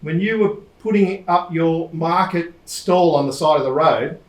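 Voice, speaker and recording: A man's voice: fairly high pitch, unhurried, lightly acted. An actor playing a blunt, teasing older man with an Australian accent on stage. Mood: nostalgic. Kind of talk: stage play acting. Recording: echoey theatre stage.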